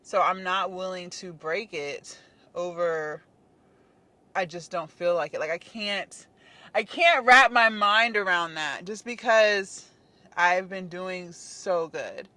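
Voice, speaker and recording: A young woman, a fitness vlogger talking casually to her camera in a gym. She rambles and muses out loud with plenty of fillers. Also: lowish voice, slow, no room sound. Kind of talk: casual vlog chat to camera.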